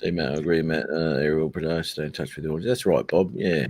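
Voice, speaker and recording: A man's voice: a bass voice, fairly even intonation, fast talker, darkish tone, slight background noise. A man hosting a casual live chat, laughing often and swearing lightly. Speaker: host.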